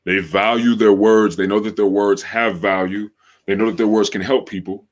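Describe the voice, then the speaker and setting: Deep-voiced slangy male podcast host. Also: steady tone. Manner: slangy, drawn-out, repeats phrases for emphasis. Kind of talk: casual livestream podcast talk.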